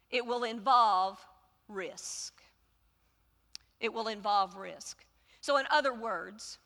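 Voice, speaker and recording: A woman's voice: a little high, pushed and bright. A woman preaching a sermon in a church, telling the story dramatically with emphatic, repeated phrases. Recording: echoey hall reverb.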